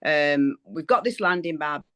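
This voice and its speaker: A woman's voice: sits low, expressive, fairly bright tone, no room sound. A woman caller joins an online property session over a dry, close line. She asks her question hesitantly, stopping and restarting. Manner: hesitant, halting. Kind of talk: casual question on a call. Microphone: video call.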